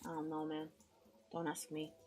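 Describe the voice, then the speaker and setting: A woman's voice: low-pitched, completely flat delivery, moderate pace, mellow, faint music behind. A woman from the United States streaming live, chatting casually while she draws, rambling and self-deprecating, muttering to herself and greeting her chat in a friendly way.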